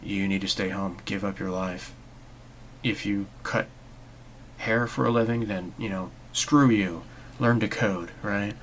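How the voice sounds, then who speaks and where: A man's voice: fairly low pitch, steady tone, a little slow, slight background noise, low-quality recording. A man hosting his own channel, delivering a sarcastic, rambling monologue full of restarts. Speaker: channel host. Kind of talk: opinionated monologue vlog.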